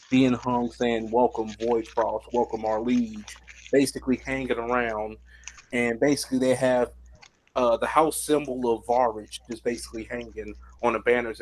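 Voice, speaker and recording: A man's voice: mid-range voice, low-quality recording. Game master, male, mid voice; loose, filler-heavy scene narration. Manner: rambling, many fillers like "basically".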